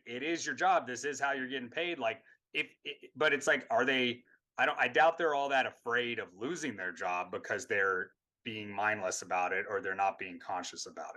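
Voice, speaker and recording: A man with a bright, forceful tone talks casually as a guest on a talk show. He rambles and searches for words, often starting his sentences over. His pitch sits in an ordinary middle range. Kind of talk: casual conversation.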